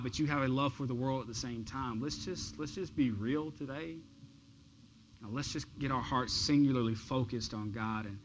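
A man preaching a sermon as pastor, earnest, often repeating words as he builds intensity and then drops low. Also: a bit bright, a little hiss or hum, poor audio. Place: church sanctuary.

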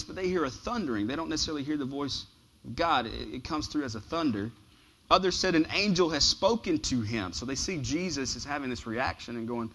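A man preaching a sermon in a relaxed, conversational way, with emphatic repeated phrases and casual slang. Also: a little high. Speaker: pastor.

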